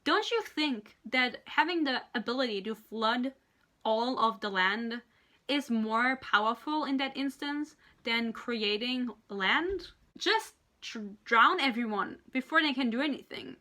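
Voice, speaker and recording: A woman ranting in a book review vlog, exasperated, sarcastic and profane, acting out characters in quick impressions. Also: a little high, animated, bright, forceful tone.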